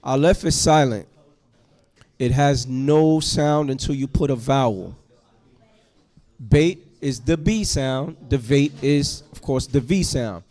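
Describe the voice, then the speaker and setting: Slow, patient male Hebrew teacher. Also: medium pitch, darkish tone. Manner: slow, patient letter-by-letter explanation. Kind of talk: classroom teaching. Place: classroom with students.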